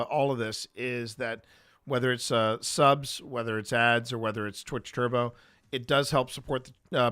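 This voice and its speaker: A man's voice: medium pitch, fairly bright tone, clear, resonant tone, dry recording, clean studio sound. A man co-hosting a casual stream, rambling with many fillers and restarts. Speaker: streamer and co-host. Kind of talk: casual chat.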